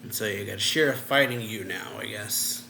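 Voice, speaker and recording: A man's voice: fairly low pitch, moderate pace, creaky, sharp tone, a little hiss or hum. A man reviewing a manga chapter for his reaction channel, retelling the scenes in a loose, rambling way. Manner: loose and rambling, retelling scenes with many "and then, yeah" fillers. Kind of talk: casual recap of a manga chapter.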